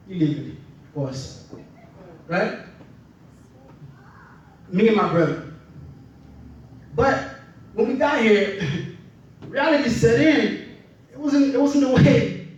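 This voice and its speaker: A man's voice: high-pitched, expressive, slow, pauses often, very echoey, far from the mic, lo-fi sound. A man from the Bahamas, preaching a sermon in a conversational way and often asking "right?".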